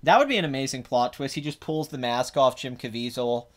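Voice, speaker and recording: A man's voice: medium pitch, expressive, fairly quick. A man hosting a podcast in casual chat, rambling and correcting himself with many fillers. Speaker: podcast host.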